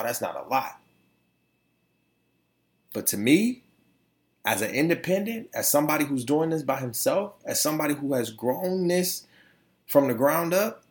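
A male podcast host talking solo, emotional and grateful, stumbling and repeating words as he goes. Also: medium pitch.

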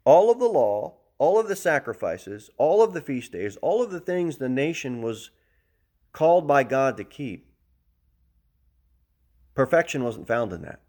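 A middle-aged man giving a sermon as pastor, animated, shifting between loud emphasis and soft, calm talk. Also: mid-range voice, measured pace, pauses often.

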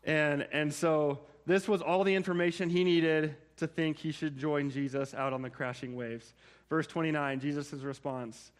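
A man preaching a sermon in a conversational way, often checking in with his listeners through quick asides. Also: on the high side, steady tone. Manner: conversational, frequent "right?" and "like" asides. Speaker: pastor.

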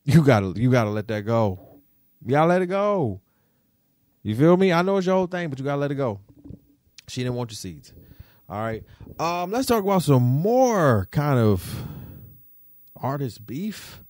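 On a casual pop-culture podcast, a male co-host teases and swears while riffing directly at a celebrity. He's animated, swinging from low mutters to high exclamations, at a moderate pace with long pauses and no echo.

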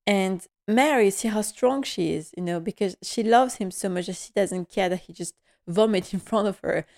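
A woman hosting a podcast, giving a casual episode recap in a quick, emotional, heartfelt way. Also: medium pitch, a little mellow. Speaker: podcast host.

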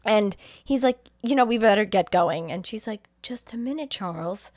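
A woman's voice: medium pitch, normal speed, no echo, studio quality. A young adult woman co-hosting a podcast, recapping a film scene by scene and acting out the characters' lines. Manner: animated storyteller acting out lines, laughs often. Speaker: podcast co-host retelling a movie. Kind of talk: casual chat recapping a film.

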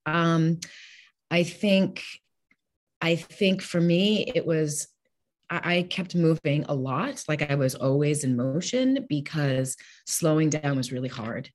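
Low husky middle-aged woman. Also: slow, darkish tone. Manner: emotional, rambling, restarts often. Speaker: guest, caregiver widow. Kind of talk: candid personal interview.

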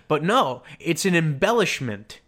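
Male podcast host with a high-set voice, sarcastic and indignant, ranting commentary. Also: big pitch swings, unhurried, fairly bright tone.

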